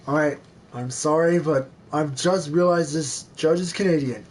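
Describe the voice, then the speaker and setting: A woman's voice: low-pitched, slow, pauses often, a little mellow, slight background noise. A woman making casual game commentary with dry, amused asides. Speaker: let's play narrator.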